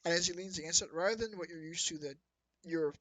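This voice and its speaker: A man runs a tabletop game, his voice pitched a little high and very bright. He narrates loosely, circling back and restarting mid-thought. The sound is dry and close. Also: fast talker, dry recording, low-quality recording. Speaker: dungeon master.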